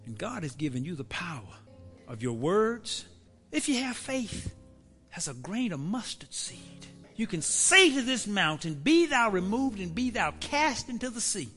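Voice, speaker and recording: A man preaching from the pulpit with a high, lively voice that climbs and falls across a wide range. His delivery swings between hushed near-whispers and ringing shouts. The sound carries a long echo from a big hall, with soft music playing behind him. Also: measured pace. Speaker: pastor. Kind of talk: sermon. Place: church.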